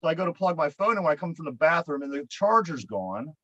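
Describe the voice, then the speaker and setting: A man's voice: a little high, big pitch swings, quick pace, sharp tone, dry recording. A man with a Pittsburgh accent co-hosting a podcast, telling a long story in a profane, exasperated, rambling way. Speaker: podcast co-host. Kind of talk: casual storytelling. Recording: dry, dull lo-fi podcast mic.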